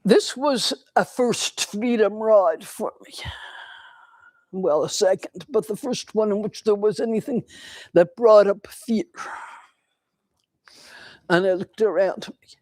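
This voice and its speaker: An older woman giving a dharma talk in a temple, telling a personal story in a slow, reflective way with pauses. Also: mid-range voice, a little mellow, dry recording. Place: temple hall.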